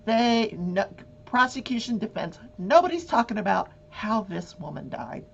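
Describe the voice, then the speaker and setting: A woman hosting a talk show, giving casual true-crime commentary in an animated way and acting out voices. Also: medium pitch, normal speed, vocal fry, dull audio, slight background noise. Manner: animated, acts out voices and swears.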